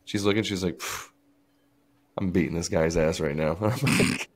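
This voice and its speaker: A podcast co-host speaks at a normal speed in a voice that sits low. He's telling a story in relaxed conversation, voicing others' quotes and laughing as he goes.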